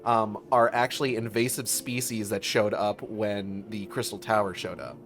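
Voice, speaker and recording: A man's voice: fairly low pitch, fairly even intonation, normal speed, a bit bright. Playful swearing gaming streamer man. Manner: playful, swears freely, chatty asides. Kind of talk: casual gaming stream commentary.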